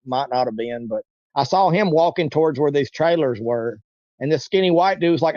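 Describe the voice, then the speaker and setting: A man's voice: mid-range voice, quick pace, darkish tone, dry recording. Rambling man in his forties, dull dry sound. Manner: rambling, acts out quoted voices. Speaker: interview guest. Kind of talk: casual storytelling.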